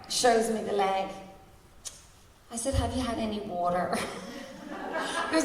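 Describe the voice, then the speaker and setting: Against a loud crowd in a large convention hall, a woman in her forties speaks at a recovery meeting, candid and wry as she laughs through painful memories. Her medium-pitched voice is a little slow and pauses often, recorded from afar with echo.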